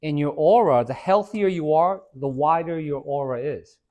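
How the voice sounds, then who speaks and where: A man's voice: a little high, moderate pace, muffled recording. A middle-aged man, a fitness coach, giving a motivational talk to a small group in a salon, telling stories and acting out both sides of conversations with jokes. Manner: animated storyteller acting out dialogue, jokey. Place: hair salon, indoors.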